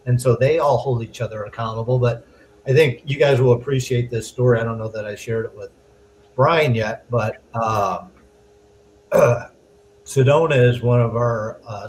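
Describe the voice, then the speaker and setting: A man's voice: medium pitch, a little mellow, rough recording. Guy on a podcast telling a work story, laughs a lot, slight hiss behind him. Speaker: co-host.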